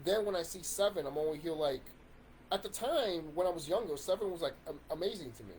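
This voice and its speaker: Animated ranting man, high lively voice. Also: fairly quick, slight background noise. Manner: angry ranting, swears, rambling with restarts. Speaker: YouTube commentator. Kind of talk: casual ranting monologue.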